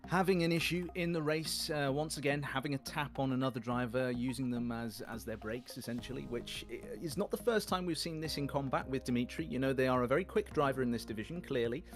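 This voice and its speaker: Man, race commentator, chatty, self-deprecating, mid-pitched voice, faint music underneath. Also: fast, few pauses. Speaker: sim racing commentator.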